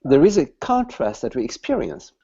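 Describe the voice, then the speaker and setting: Casting: man, spiritual teacher, gravelly dark voice, slow and halting, lo-fi call audio. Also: medium pitch, wildly swooping pitch. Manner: slow, halting, repeats words while searching for them. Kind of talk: satsang talk.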